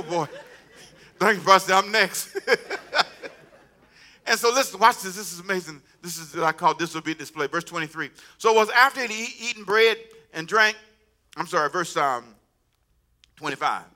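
A man preaching a sermon as pastor, joking with the congregation and breaking into laughter. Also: high-pitched. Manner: humorous, animated preaching with laughter.

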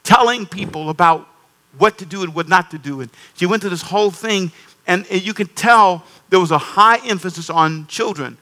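Emphatic preaching man, bright voice. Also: sits high, moderate pace. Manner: emphatic, repeats phrases, calls on the congregation. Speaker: pastor. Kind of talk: sermon.

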